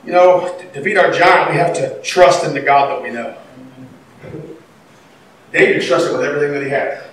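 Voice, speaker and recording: A man preaching a sermon in folksy, animated storytelling style, breaking into sudden shouts. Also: fairly high pitch, moderate pace, a little hiss or hum. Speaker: pastor. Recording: echoey hall, mic far off.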